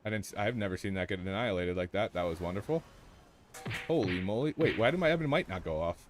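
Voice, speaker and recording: A man streaming a game live, joking excitedly with his chat and teammates as he plays. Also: deep voice, quick pace, music in the background. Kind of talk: live gameplay commentary.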